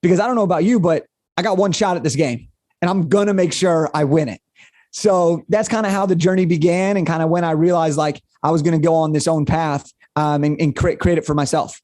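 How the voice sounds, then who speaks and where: Energetic young man telling a story. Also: on the high side, fairly quick, dry recording, studio quality. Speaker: guest. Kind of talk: storytelling interview answer.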